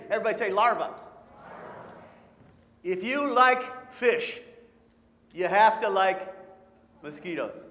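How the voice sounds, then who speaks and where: A man's voice: very high-pitched, fairly bright tone, a little hiss or hum. Playful man leading a call-and-response nature talk. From Michigan. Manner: playful, call-and-response, sings short songs. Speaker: nature educator. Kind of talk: live audience presentation for families. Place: large hall with an audience. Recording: echoey hall.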